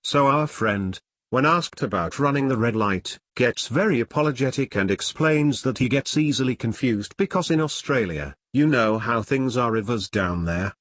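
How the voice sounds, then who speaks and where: A man reads online stories aloud in a steady, matter-of-fact way. His voice sits at an ordinary middle pitch. It is recorded dry and close, with no room sound at all. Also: moderate pace, no room sound. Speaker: narrator.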